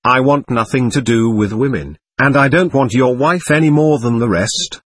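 A man's voice: medium pitch, moderate pace, slightly rough, dry recording, studio quality, natural voice. A man reading aloud the lines of a stubborn, hostile male spirit from a séance record, defiant and threatening.

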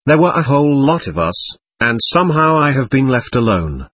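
A man reading aloud as an indignant, bewildered ghost who denies being dead, in a husky voice. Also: mid-range voice, very animated, normal speed, a bit bright, dry recording. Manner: defiant, suspicious and bewildered. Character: indignant confused ghost of a dead adult, hostile.

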